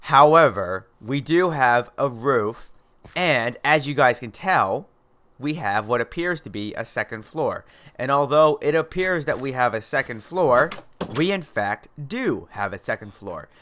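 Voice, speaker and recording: A man's voice: medium pitch, animated, measured pace, fairly bright tone. A young man hosting a casual gameplay video, chatting in a rambling, playful way. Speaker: host.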